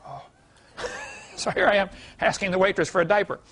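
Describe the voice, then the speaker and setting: Gravelly, folksy man lecturing. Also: high-pitched, fairly quick, pauses often, fairly bright tone. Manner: folksy, chuckling storyteller. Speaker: creation science lecturer. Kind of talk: classroom lecture with anecdotes.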